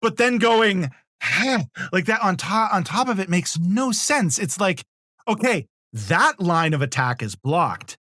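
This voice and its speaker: A man co-hosting a casual movie review podcast, rambling and restarting his sentences, with animated asides. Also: high-pitched, unhurried, dry recording, studio quality. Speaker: podcast co-host.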